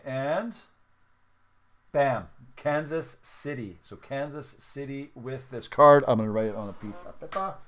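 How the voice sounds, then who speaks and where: Here a man with a medium-pitched, slightly bright voice runs a sports card break livestream. Chatty and relaxed, he counts aloud as he goes and apologizes for his small errors.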